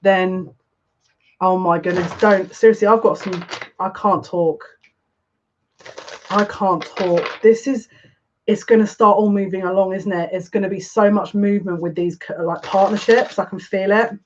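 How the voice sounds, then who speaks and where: A psychic reads tarot live for viewers in an excitable, breathless rush. Sentences keep breaking off and restarting. The stream audio is dull and lo-fi. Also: mid-range voice, normal speed, slight background noise.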